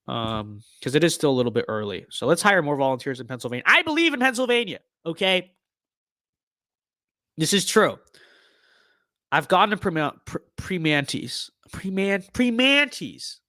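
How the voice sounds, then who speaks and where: A man's voice: mid-range voice, animated, normal speed, pauses often, a bit bright, no room sound, studio quality. A young man giving casual gameplay commentary on a stream, full of ironic mock-political bluster and repeated catchphrases.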